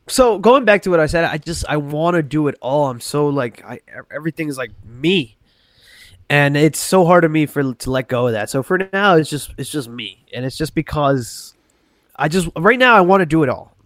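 A man's voice: on the high side, animated, moderate pace, a bit bright, dry recording. A man talking as a guest on a podcast, rambling casually with many restarts and self-corrections. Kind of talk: casual chat.

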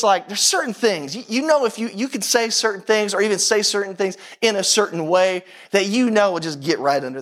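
A middle-aged man with a high-set voice preaches a sermon. He talks with intensity and emphasis, piling up rhetorical questions and repeating his points to drive them home. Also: a bit bright. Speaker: pastor.

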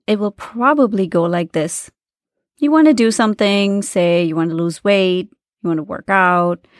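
A woman's voice: mid-range voice, no echo, clean studio sound. A woman hosting a self-help podcast, talking directly to listeners in an earnest, coaching way. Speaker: podcast host.

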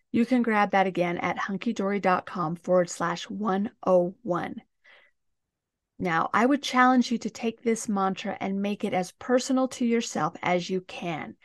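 A middle-aged woman hosting a self-help podcast, talking listeners through exercises in a calm, gentle voice. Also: medium pitch, dry recording, studio quality. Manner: calm, gentle guided-meditation delivery. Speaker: podcast host.

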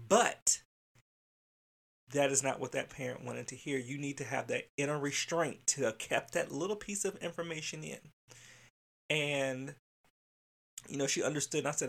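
A man who directs childcare centers, telling a workplace story in a candid, animated way, swearing freely and laughing. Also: medium pitch, normal speed, creaky, long pauses. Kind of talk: casual storytelling monologue.

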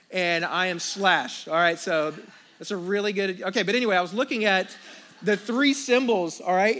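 A man in his thirties from the United States preaching a sermon, telling stories with animated, acted-out outbursts. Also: sits high. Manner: storytelling, animated, acts out his own outbursts. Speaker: pastor. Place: church auditorium with congregation.

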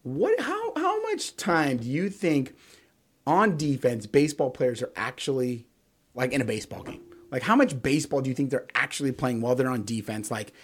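A man co-hosting a casual sports podcast, telling stories with lots of fillers and quick "right?" checks. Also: mid-range voice, slightly rough. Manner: animated storyteller, many fillers and "right?"; acts out quotes in other voices. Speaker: podcast co-host.

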